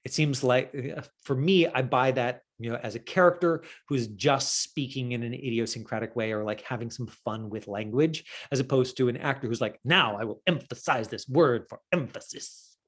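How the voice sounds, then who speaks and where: A man's voice: mid-range voice, moderate pace, hardly any pauses. Chatty middle-aged male acting teacher. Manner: chatty, full of fillers, breaks into quoted voices. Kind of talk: casual teaching commentary.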